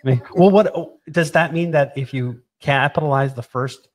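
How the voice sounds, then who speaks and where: A man of ordinary middle pitch walks a listener through a technical drawing in a loose, talkative way. He repeats words for effect and slips in playful asides. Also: moderate pace. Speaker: presenter explaining equipment. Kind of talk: casual technical explanation over drawings.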